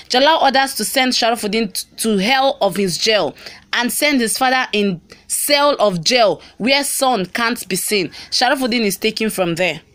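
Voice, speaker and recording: A woman's voice: on the high side, lively intonation, normal speed, a bit bright. A woman narrating a TV episode recap, reading steadily and voicing every character's lines in her own voice. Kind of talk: plain read-aloud story recap.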